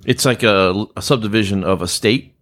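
Male guest from Louisiana, lowish voice, deadpan asides. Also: normal speed. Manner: dry, understated. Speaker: podcast guest. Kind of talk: casual chat.

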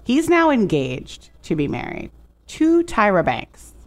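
A woman with a medium-pitched voice co-hosts a podcast, recounting a movie in relaxed conversation. She tells it animatedly, slips into quick quoted voices, laughs often and swears casually.

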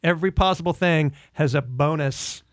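A middle-aged man telling animated, laughing anecdotes as a guest on a casual podcast. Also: on the high side, normal speed, no echo, clean studio sound.

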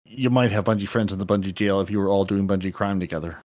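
A man's voice: low voice, steady tone, quick pace, darkish tone. A man co-hosting a casual gaming podcast, paraphrasing update notes playfully and often stumbling into restarts. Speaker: podcast co-host.

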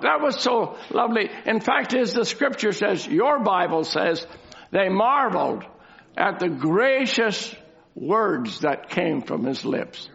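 Man, preacher, sermon, high voice, slow deliberate delivery, repeats lines for emphasis. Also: vocal fry, fairly bright tone. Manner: rhetorical questions, emphatic repetition. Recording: dull lo-fi recording.

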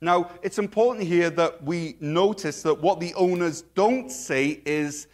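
A man preaching a sermon in a relaxed, joking, conversational way with playful asides. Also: a little high, a little slow, few pauses. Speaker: pastor.

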